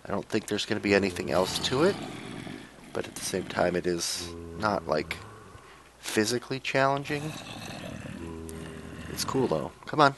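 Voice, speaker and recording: A young man with a gravelly, low voice talks through a game in a loose, joking commentary, coaxing and cajoling the characters. A faint hiss sits under the recording. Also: animated, normal speed, pauses often. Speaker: let's play gamer. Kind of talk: casual gameplay commentary.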